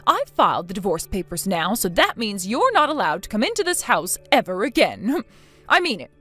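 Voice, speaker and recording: A synthetic woman's voice plays a spiteful, bossy older mother-in-law in a text-chat story, scolding with contempt at a moderate pace and with a lively pitch. Her mood is scornful, and soft background music plays.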